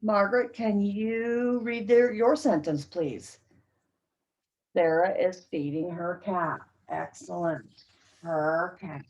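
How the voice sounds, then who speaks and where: A woman leads a classroom pronunciation lesson at an unhurried pace. She models short sentences slowly and deliberately so her learners can hear each sound, and her pitch sits in an ordinary middle range. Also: steady tone, darkish tone, highs cut off. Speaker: English teacher.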